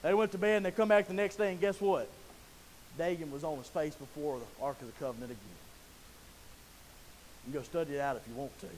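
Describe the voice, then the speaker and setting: A man preaching a sermon in a folksy storytelling way, acting out Bible scenes and building to loud emphatic peaks. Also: on the high side, fast, pauses often, a little hiss or hum.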